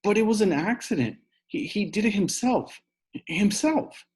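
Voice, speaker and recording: Man doing a shrill bossy schoolgirl. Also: big pitch swings, moderate pace, darkish tone, breathy edge. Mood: whiny. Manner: shrill, sing-song taunting. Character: bossy know-it-all schoolgirl. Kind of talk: audiobook reading aloud.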